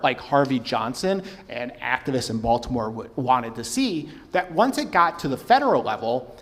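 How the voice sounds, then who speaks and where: A man giving formal testimony as a historian, speaking in a measured way and reading quotations aloud. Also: fairly high pitch. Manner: measured, quotes sources aloud. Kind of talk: formal public talk with read quotations. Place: public hearing hall. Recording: reverberant hall.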